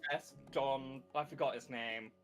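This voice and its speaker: A man playing a tabletop game, chatting casually and excitably. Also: mid-range voice, a little slow, faint music behind. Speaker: player.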